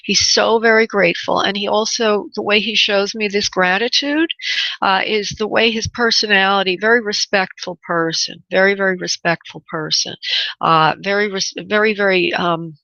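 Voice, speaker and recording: A woman hosts a call-in radio show as a spirit medium, and her voice is bright and forceful. She feels her way through each reading with halting starts and restarts and calls her callers honey and love. The recording is dry and dull, with a lo-fi radio sound. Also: medium pitch, steady tone, gravelly, no echo. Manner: halting, searching, with many restarts.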